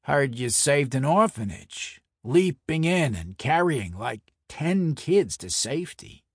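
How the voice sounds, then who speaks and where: A man's voice: a little high, big pitch swings, breathy edge, no echo, studio quality, exaggerated voice. A man voicing a brash middle-aged mob enforcer with a Brooklyn accent, boisterous and needling. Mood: jovial, teasing. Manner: boisterous, needling, quick to anger. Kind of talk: audiobook character voice.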